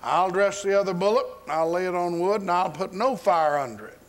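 A man's voice: high voice, brisk. A man preaching a sermon, telling a story in a folksy, humorous style.

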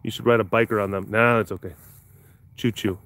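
A man's voice: lowish voice, steady tone, a little fast, fairly bright tone, dry recording. A man hosting a live stream, reading viewer comments with playful teasing and frequent laughter. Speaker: livestream host at a big cat facility.

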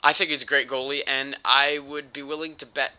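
Speaking into a home mic with slight background noise, a gaming channel host with a cold rambles and jokes crudely over his gameplay footage. He has a mid-range, level, sharp-toned voice and a brisk pace.

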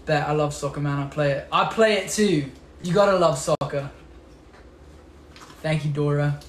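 A man's voice: on the high side, moderate pace. Chatty young British man, roomy live stream. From England. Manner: chatty, upbeat, reads out and answers viewer comments. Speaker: livestream host. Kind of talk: casual live-stream product showcase. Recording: echoey room with faint background noise.

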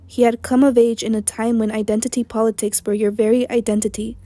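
A hoarse woman narrating an audiobook in a measured, even literary reading. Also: on the high side, no echo.

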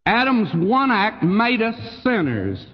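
An older man with a Texan accent preaching a sermon in a folksy, emphatic way, his voice swooping high on key phrases and dropping low. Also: huge pitch swings, slow pace, slightly rough, in a large hall, muffled recording. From Texas. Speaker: pastor.

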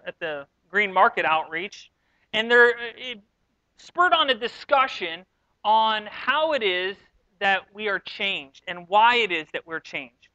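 A man from New York giving a sermon as pastor, telling stories in a relaxed, self-deprecating way. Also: sits high, no echo, muffled recording. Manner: conversational, self-deprecating storytelling. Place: church sanctuary.

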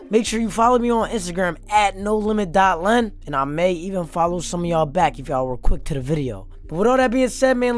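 A young man doing hyped, profane gameplay commentary, roasting opponents as he plays. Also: high voice. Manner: hyped trash-talking, profane, playful roasting. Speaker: gaming YouTuber. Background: background music.

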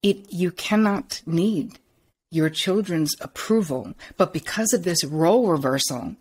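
Low husky woman hosting an interview. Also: expressive, darkish tone. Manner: agreeing, reflective, quick asides. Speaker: podcast host and therapist. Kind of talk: conversational interview.

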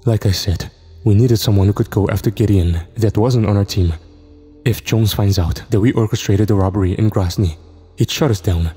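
A man voicing a calm, pragmatic male CIA chief who speaks in a measured, justifying way. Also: lowish voice, husky. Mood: firm. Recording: reverb with faint music.

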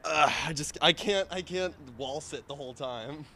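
A man's voice: a little high, normal speed, over a noisy crowd. A young man telling a joke outdoors on a handheld mic while straining through a wall sit, tired and trailing off. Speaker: student on a campus broadcast. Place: outdoors on a campus.

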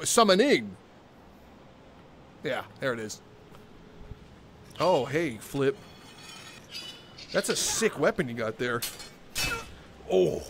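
A man live-streaming a game, joking with his chat, with bursts of laughter and loud theatrical exclamations. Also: medium pitch, background noise.

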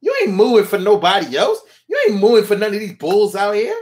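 A man's voice: high voice, huge pitch swings, a little fast. A man delivering a playful, slangy, rambling comedic monologue, at times mooing like a cow.

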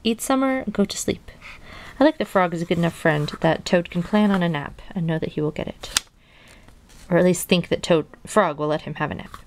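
A woman's voice: lowish voice, steady tone, fairly quick, slight background noise. A young woman reading a children's storybook aloud at her mother's house, with casual, chatty asides between passages. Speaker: reader of children's books.

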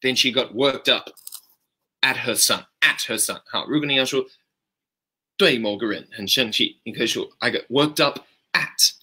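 A man's voice: mid-range voice, moderate pace, sharp tone, breathy edge. A man hosting a live-streamed English lesson, cheerfully greeting viewers by name and correcting their sentences. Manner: upbeat, greets and praises viewers by name, switches between English and Mandarin.

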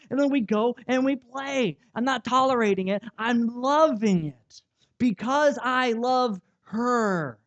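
Young male pastor, sermon delivery, lively and self-mocking, stumbles and restarts. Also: very high voice, lo-fi sound. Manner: animated, self-mocking storytelling with many restarts.

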